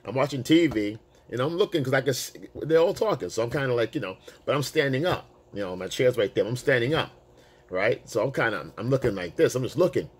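A male dating coach tells a story to the camera, casual and animated, swearing freely and using street slang. His voice is medium-pitched and husky, and he talks briskly.

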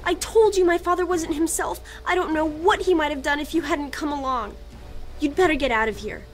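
An earnest, loyal young woman from a video game, voiced by an actress, speaking with sincere concern and quiet resolve. Her voice sits fairly high, with soft game music underneath. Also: fairly quick, close to an everyday voice. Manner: sincere, concerned, gently firm.

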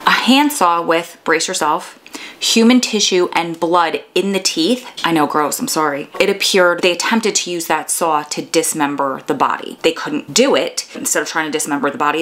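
A woman's voice: low-pitched, a bit bright. A woman from New York with a New York accent, telling a true crime case in a casual, chatty way, breaking off for asides and jokes to her viewers. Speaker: true crime podcast host.

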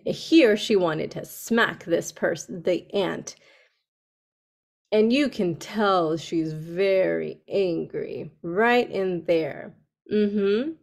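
A woman telling a story to children on a video call, speaking gently and asking them questions. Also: lowish voice, very slow, vocal fry. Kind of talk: interactive story session for kids.

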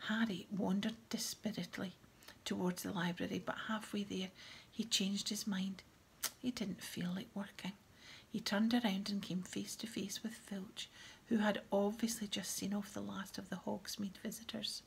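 A woman narrating an audiobook in a soft, breathy reading voice. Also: mid-range voice, flat delivery, normal speed, slight background noise.

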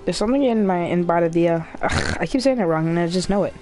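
A woman giving casual, rambling commentary while playing a video game, chatty and quick to get excited. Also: fairly low pitch, faint music behind. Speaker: gamer.

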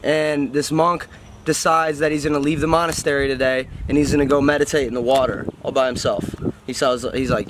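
Animated man telling motivational stories. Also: mid-range voice, fairly quick, slight background noise. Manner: animated storytelling, acts out voices. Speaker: host and storyteller. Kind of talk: casual motivational chat. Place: outdoors by a road.

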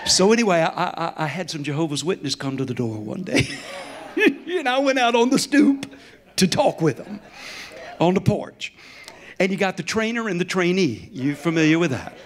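A middle-aged man with a high, animated voice speaks at normal speed, preaching as a guest in a church sanctuary. He delivers a storytelling sermon in a folksy, chuckling way.

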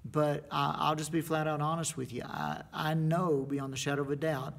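A middle-aged man preaching in a folksy, homespun way, slowing down and pausing to drive his points home. His voice sits a little high for a man and carries a gravelly edge. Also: fairly even intonation. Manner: folksy storytelling with slow, emphatic pauses. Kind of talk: sermon.

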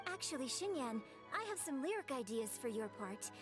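A strict young opera mentor from a game, poised and measured in every line. Her voice is high, with soft music running beneath. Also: sing-song. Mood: composed.

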